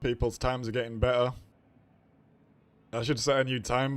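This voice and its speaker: A very tired man giving casual commentary while he livestreams a racing game, low-key, trailing off and groaning between remarks. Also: little pitch movement, normal speed. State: very tired, yawning. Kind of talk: casual live-stream commentary.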